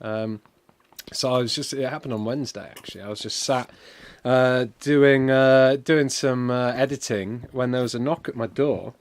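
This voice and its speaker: A man streaming with friends, telling a silly story in a deadpan, rambling way, with plenty of swearing. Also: mid-range voice, brisk. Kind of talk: casual stream banter.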